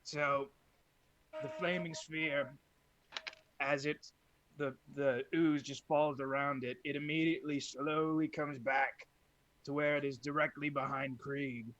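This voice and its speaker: A man's voice: a little high, level tone, unhurried, a bit bright, lo-fi sound, a little hiss or hum. A man playing a tabletop game, describing his actions in a playful, jokey way. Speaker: player. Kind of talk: casual tabletop game play.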